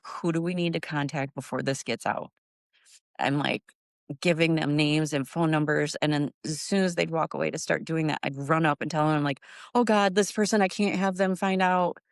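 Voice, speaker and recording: A middle-aged woman tells a painful personal story in a halting way. She repeats phrases, and her voice climbs high when she relives moments. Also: gravelly, no room sound, clean studio sound. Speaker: guest, grieving mother.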